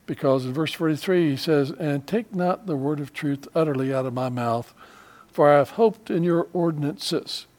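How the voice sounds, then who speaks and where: A male pastor of middle age delivers a sermon in an earnest, conversational way. His voice sits a little high, and he often restarts his sentences and drops into short prayers as he talks. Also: a little mellow.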